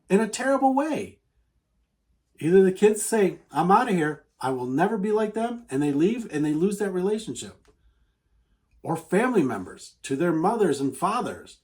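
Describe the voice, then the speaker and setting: A man's voice: a little high, darkish tone. A man venting to camera in an earnest, repetitive advice monologue, often acting out the people he talks about. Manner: earnest, repetitive, acts out quoted voices. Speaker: advice vlogger.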